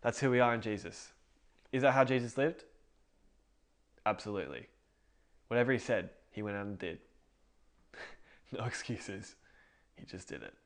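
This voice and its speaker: A man's voice: lowish voice, animated, normal speed, pauses often. A man co-hosting a casual faith podcast, rambling and correcting himself as he tells stories. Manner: rambling, self-correcting, storytelling. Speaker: podcast co-host.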